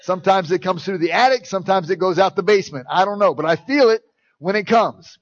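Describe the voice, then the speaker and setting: A middle-aged male pastor delivers an animated sermon, slipping into playful acted-out voices and jokes. His voice sits high for a man. The recording is dry and a little muffled. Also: fast, no room sound. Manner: animated, acts out quoted voices, jokes with the congregation.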